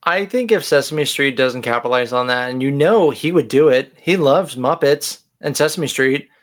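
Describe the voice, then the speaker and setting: A man's voice: medium pitch, moderate pace. A man co-hosting a podcast in casual chat, joking and self-deprecating. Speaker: podcast co-host.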